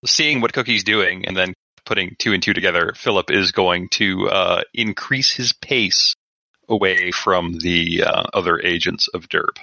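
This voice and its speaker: Low gravelly guy narrating his character in a tabletop game, dry lo-fi mic. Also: a little slow, sharp tone, no echo. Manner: describes his character's actions, hesitant. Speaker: player.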